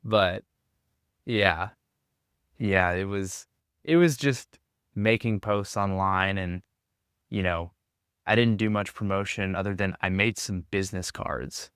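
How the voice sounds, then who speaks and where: A young American from Tennessee guests on a podcast, chatting casually in a backpacker hostel while rambling, joking at his own expense, and laughing often. His low voice is clear, resonant, and fairly bright as he takes it slowly with many pauses. The sound is dry and cleanly studio-recorded.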